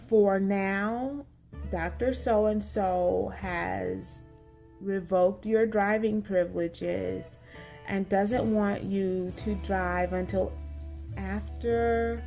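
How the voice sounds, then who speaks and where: A woman mimicking a soft-spoken polite office assistant. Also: mid-range voice, vocal fry, voice pushed down. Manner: soft, measured, hesitant with fillers. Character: polite, careful female medical office assistant.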